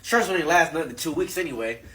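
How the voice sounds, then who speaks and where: A man's voice: fairly high pitch, expressive, rapid-fire, pushed and bright. A man delivering a casual comedic monologue with offhand, rambling asides.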